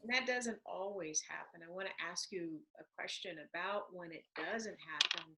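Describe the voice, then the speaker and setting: Animated woman host on a video call. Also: on the low side, moderate pace, very noisy. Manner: animated storyteller, warm and emphatic. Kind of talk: conversational interview.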